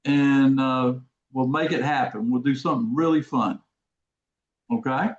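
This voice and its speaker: Folksy trading host on an echoey call. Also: male voice, medium pitch, fairly even intonation, measured pace. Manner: folksy, repetitive, asks the audience questions. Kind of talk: casual live webinar talk. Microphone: video call. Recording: echoey, dull lo-fi audio.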